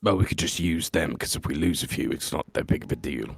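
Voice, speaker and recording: A blunt, swearing player with an extremely deep, gravelly and husky voice. His pitch still swings a lot, and there is faint music behind him. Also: expressive, a little fast, no echo. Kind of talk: playing a tabletop game.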